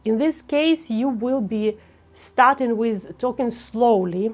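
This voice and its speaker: A woman teaching a lesson on speaking naturally on camera, talking in a slow, deliberate, demonstrative way. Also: on the high side. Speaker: speaking coach.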